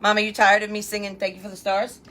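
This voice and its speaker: A woman's voice: mid-range voice, completely flat delivery, fast, fairly bright tone. A woman hosting a live crafting stream from home, chatting and greeting viewers by name as she works. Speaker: craft livestream host.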